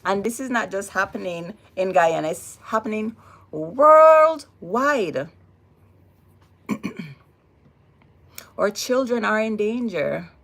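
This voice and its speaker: A woman's voice: medium pitch, vocal fry, fairly bright tone. A woman with a Jamaican accent hosting a casual livestream, talking emphatically and repeating words for weight. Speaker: livestream host.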